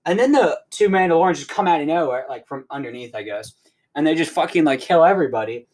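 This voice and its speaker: Rambling young man, slightly high voice. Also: expressive, quick pace, a little mellow. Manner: rambling, heavy use of "like" fillers. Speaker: podcast host. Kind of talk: casual recap of a show episode.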